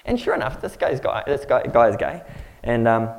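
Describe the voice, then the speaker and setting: A man's voice: mid-range voice, big pitch swings, normal speed, vocal fry, poor audio. A man giving a sermon as a pastor, telling a story in a rambling, conversational, self-mocking way. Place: church.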